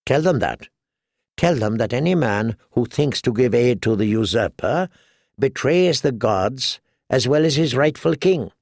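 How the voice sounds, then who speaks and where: Dry blunt sardonic lord, as a man reads it, gravelly tone, close and dry sound. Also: medium pitch, lively intonation, measured pace, darkish tone, dry recording.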